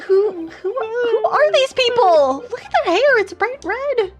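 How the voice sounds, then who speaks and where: A woman's voice: very high-pitched, lively intonation, measured pace, loud music behind the voice, voice pushed up. A woman voicing an indignant, theatrical French character in a put-on French accent, drawn out and exclamatory.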